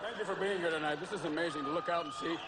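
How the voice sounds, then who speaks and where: A hoarse man doing a manic stand-up comedy routine, shouting and jumping between voices. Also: on the high side, racing. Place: live comedy venue with audience. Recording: roomy live recording with loud crowd. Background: loud crowd noise and laughter.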